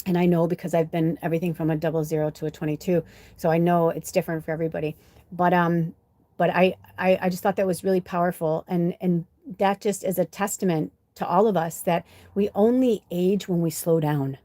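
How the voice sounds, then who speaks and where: A woman's voice: on the low side, steady tone, fairly quick, dark tone, dry recording. Chatty, swearing woman medium, dry sound. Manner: rambling, swears freely, affectionate. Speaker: spiritual medium and channel host. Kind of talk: casual live-stream chat.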